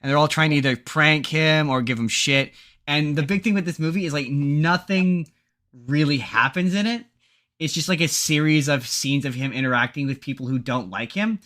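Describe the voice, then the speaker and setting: A man's voice: on the high side, fairly bright tone. A man co-hosting a podcast, chatting casually and rambling through movie plots with lots of fillers and restarts. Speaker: podcast co-host. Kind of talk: casual chat.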